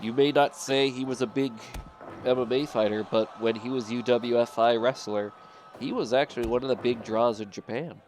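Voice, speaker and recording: A man's voice: mid-range voice, fairly even intonation, normal speed, a little mellow, a little hiss or hum. A man chatting casually as co-commentator over a simulated wrestling game, rambling through wrestling trivia. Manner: rambling, laid-back, full of wrestling trivia.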